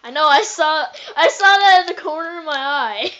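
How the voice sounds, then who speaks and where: A woman chatting casually while playing a game, excitable, repeating words and breaking into sudden squeals. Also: sits high, normal speed. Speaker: gamer. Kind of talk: casual let's-play chatter. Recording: dull lo-fi phone recording.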